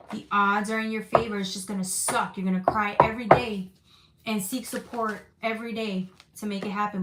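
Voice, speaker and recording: A woman giving a live tarot reading in a casual, comforting way, reading out viewer comments between cards. Her voice sits in a middle pitch. The room has a noticeable echo. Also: background noise. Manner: casual, reassuring, reads chat comments aloud. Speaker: tarot reader.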